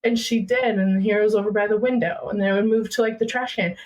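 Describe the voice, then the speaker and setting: A young woman from Minnesota, a guest on a podcast, tells a personal story fast and animatedly, acting out what her family members said. Her voice is mid-range, and the audio has its highs cut off.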